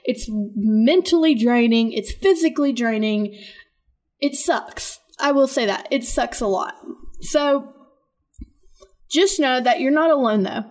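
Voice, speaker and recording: A woman's voice: fairly high pitch, expressive, a little slow, long pauses, darkish tone. A woman hosting a podcast, talking casually in an earnest, rambling and encouraging way. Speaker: podcast host.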